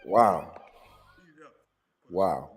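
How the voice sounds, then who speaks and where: Lively-pitched man with a dark, husky voice. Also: very slow, big-room sound, faint music behind. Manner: incredulous, lecturing, rhetorical questions. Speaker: livestream host. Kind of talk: casual reaction commentary.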